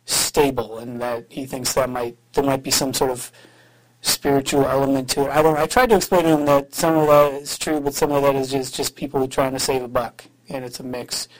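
A man's voice: mid-range voice, steady tone, fairly quick, poor audio. A man host leaving a rambling, hesitant voice message for his show, full of fillers and restarts.

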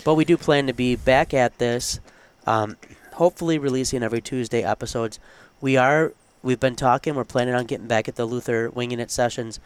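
A man's voice: medium pitch, fairly quick, hardly any pauses, smooth. A man speaking in an earnest, conversational way, circling back on his points with small asides as he thinks aloud. He sounds like a professor chatting easily with a colleague on a podcast, the talk loose and unscripted. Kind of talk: casual podcast chat.

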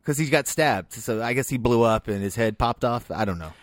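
A man's voice: mid-range voice, lively intonation, brisk, no echo. A man co-hosting a podcast, casually explaining film trivia with a knowing tone and dry laughs. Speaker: podcast co-host.

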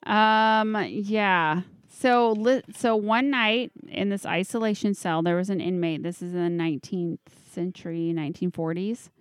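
A woman's voice: fairly low pitch, no echo, studio quality. A woman co-hosting a podcast in casual chat, telling stories, swearing and laughing often. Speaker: podcast co-host.

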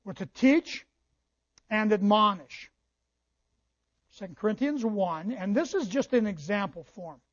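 Male pastor, high-ish voice, sermon delivery, muffled lo-fi recording. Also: lively intonation, unhurried, long pauses. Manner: preaching with quoted scripture and asides. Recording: dull lo-fi church recording.

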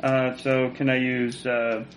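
A man playing a tabletop game, talking casually and haltingly. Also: medium pitch, monotone, slight background noise. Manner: casual, halting, laughs often. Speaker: player.

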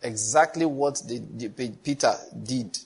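In a slightly slow, breathy, medium-pitched voice, a middle-aged man teaches on prayer from the pulpit. His earnest testimony unfolds as storytelling, sprinkled with chuckles and repeated phrases.

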